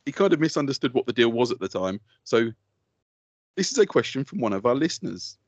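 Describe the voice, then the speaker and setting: A man rants in mock fury, swearing at every turn. His husky, slightly raised voice leaps up and down as he races through his lines. The sound is dry and dull, like a lo-fi podcast mic. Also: medium pitch, very animated, brisk, dry recording. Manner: ranting, sweary, mock-angry. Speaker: podcast co-host. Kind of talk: heated casual banter.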